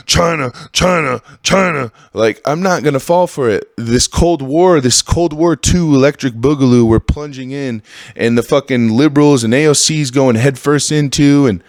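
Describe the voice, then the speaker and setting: A man in his thirties hosting a solo podcast, ranting with constant swearing and jumping into high, exasperated outbursts. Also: no echo, studio quality. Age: 30s. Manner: profane, ranting, swings into high exasperated bursts. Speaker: podcast host.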